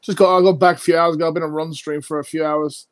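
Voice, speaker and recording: A man's voice: a little high, flat delivery, quick pace, no room sound. A tired man, a guest on a live stream, talking brash, sweary trash. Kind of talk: casual live-stream chat.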